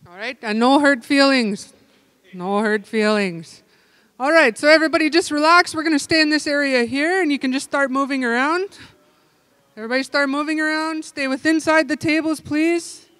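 A man leading a language-camp group game indoors, calling out playful, energetic instructions. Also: extremely high pitch, moderate pace, no room sound. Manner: energetic, playful, giving loud calls and instructions. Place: indoor room with tables.

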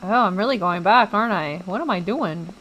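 A woman's voice: medium pitch, animated, fairly quick, a bit bright, a little hiss or hum, rough recording. A young woman streaming a game, chatting to her viewers and reacting jumpily as she plays. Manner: chatty, jumpy, talks to viewers while playing. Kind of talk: let's play commentary.

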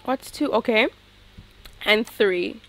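A gaming YouTuber narrates her game in casual commentary, speaking slowly with a somewhat high voice. She's chatty and excitable and addresses viewers directly.

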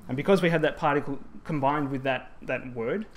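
A man's voice: mid-range voice, fairly quick, a little hiss or hum. A man presenting a talk on grammar at a conference, explaining step by step with frequent ums and restarts. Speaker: Japanese language presenter. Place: presentation hall.

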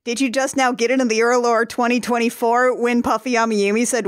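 Woman hosting a podcast, kinda high voice, dry close sound, jokes and swears a lot. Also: fairly even intonation, fairly quick, no echo. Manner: chatty, jokey, swears casually. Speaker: podcast host. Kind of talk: casual podcast chat.

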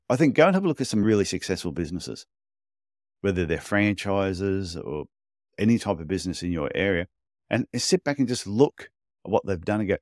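A man's voice: deep voice, no room sound, clean studio sound. A man, co-hosting a casual podcast and telling blunt, chatty stories. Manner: animated storyteller, blunt and chatty. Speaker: podcast co-host, podiatry business coach.

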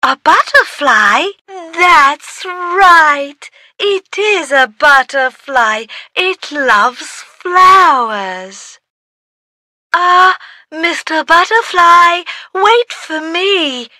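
A woman voicing a friendly playful preschool cartoon character who talks slowly and sets riddles for a child. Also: very high voice, dry recording, studio quality, heavily acted. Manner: slow, animated, posing riddles to a child.

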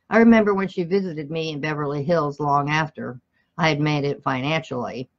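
A woman's voice: low voice, fairly quick, lo-fi sound. A woman reading a self-help book aloud, stumbling and correcting herself now and then, and breaking off to speak straight to her listeners. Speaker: motivational reader.

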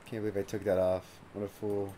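A man's voice: on the low side, little pitch movement, fairly quick, background noise. A man streaming a video game live, chatting casually and swearing freely as he plays. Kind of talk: casual live gameplay commentary.

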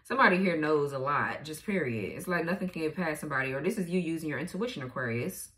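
Brief: woman tarot reader, lower-set voice, salty and blunt, quick laughs and sudden leaps in pitch. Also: lively intonation, a bit bright. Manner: blunt, profane, laughs often. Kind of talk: casual tarot reading.

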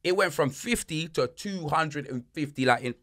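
Young podcast host, bright and lively, full of slang and put-on voices. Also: male voice, on the high side, normal speed. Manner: animated, slang-heavy, acts out voices in his stories. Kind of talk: casual storytelling chat.

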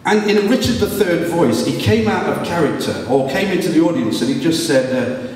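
A man's voice: a little high, a little fast, a little hiss or hum. A middle-aged man, a guest speaker telling humorous stories to a live audience and acting out voices. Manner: animated, humorous, acts out voices. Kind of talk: storytelling talk to a live audience. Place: large hall at a live event. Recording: echoey hall from far off.

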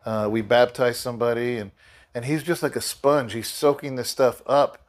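A man's voice: medium pitch, fairly even intonation, moderate pace. A middle-aged man, a pastor, giving a casual devotional talk in a loose, rambling way with many fillers and restarts, sleepy and yawning.

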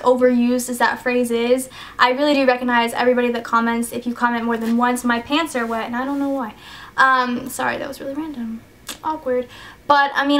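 A woman's voice: on the high side, a bit bright. A teenage girl chatting in a casual vlog, rambling and hesitant with many fillers, choked up and sniffly. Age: teens. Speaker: YouTuber.

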